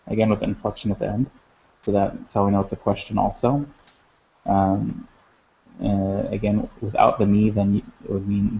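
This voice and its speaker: A man teaching a language lesson, talking in a halting way with many fillers and restarts. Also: fairly low pitch, flat delivery, gravelly, dark tone. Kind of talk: recorded lesson. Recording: dull lo-fi sound.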